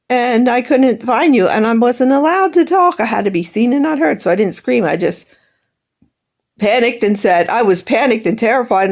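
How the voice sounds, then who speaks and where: A woman's voice: mid-range voice, darkish tone. A middle-aged woman in an emotional monologue, bitter and accusing, rambling, her voice breaking into tears.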